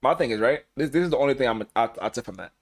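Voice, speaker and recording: A man co-hosting a podcast, chatting casually and acting out quotes in animated bursts. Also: mid-range voice, rapid-fire, gravelly. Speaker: podcast co-host.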